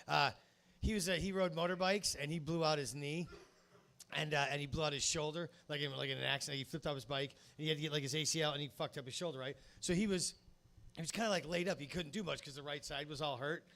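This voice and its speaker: A man's voice: on the high side, fast, a bit bright. A man in his fifties hosting a live comedy show, telling a rambling story full of ums and uhs. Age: 50s. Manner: rambling storytelling with many fillers. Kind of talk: stand-up crowd work. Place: small comedy club, live audience.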